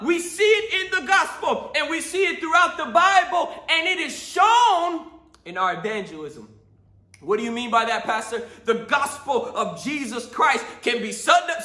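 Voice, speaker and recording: A male pastor preaching a sermon, often shouting with emphasis, laughing between points, and asking himself questions. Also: extremely high pitch, roomy sound. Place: church sanctuary.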